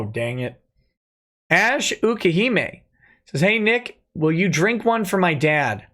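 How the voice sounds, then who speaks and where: A man's voice: fairly high pitch, fairly bright tone. A man hosting a late-night livestream, reading viewer messages aloud and reacting with wry, offhand remarks at a desk microphone. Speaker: livestream host.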